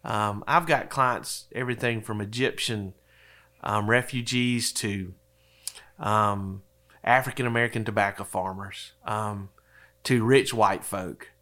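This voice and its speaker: A man's voice: lowish voice, fairly even intonation, measured pace, sharp tone. A man telling folksy stories about his sales work in a casual interview, chuckling often. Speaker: insurance advisor guest.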